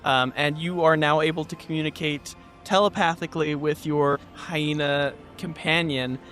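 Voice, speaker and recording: A man's voice: fairly high pitch, steady tone, moderate pace, fairly bright tone, faint music behind. A man narrating a tabletop game as game master, casual and laughing often.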